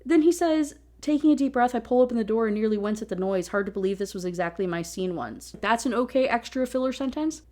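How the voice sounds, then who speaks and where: A woman's voice: a little high, dark tone. A woman ranting through a book review in a casual, profane, exasperated way.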